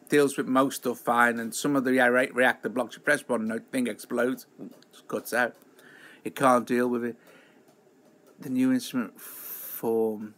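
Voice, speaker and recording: Guy rambling on his home live stream, chatty, says hi to viewers, middle pitch voice. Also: fairly bright tone. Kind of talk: casual live stream chat.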